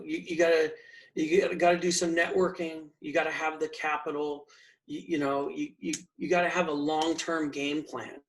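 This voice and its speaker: A man's voice: a little high, recorded from a distance, poor audio. A man talking casually as an interview guest, giving earnest advice with frequent restarts. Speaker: guest, firefighter and real estate investor.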